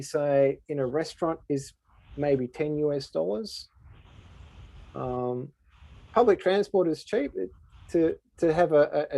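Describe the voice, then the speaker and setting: A man's voice: fairly high pitch, gravelly, mellow, no echo. An Australian man, a tour guide, answering questions in an easygoing, explanatory way. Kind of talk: casual Q&A answers.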